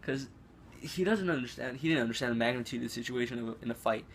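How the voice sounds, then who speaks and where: A man's voice: medium pitch, quick pace, a little hiss or hum. A teenage boy telling a school story to camera in a casual, rambling way, with lots of fillers and restarts. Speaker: vlogger. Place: room at home.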